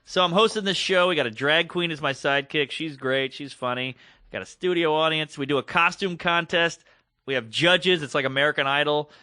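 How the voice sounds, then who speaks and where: A man co-hosting a podcast, telling a long story in a casual, animated way and acting out the voices of the people in it. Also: on the high side, brisk, dry recording, clean studio sound. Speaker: podcast co-host.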